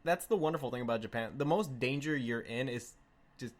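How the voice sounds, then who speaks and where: Male co-host, mid-pitched voice, laid-back and quick with short remarks. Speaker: podcast co-host. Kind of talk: casual chat.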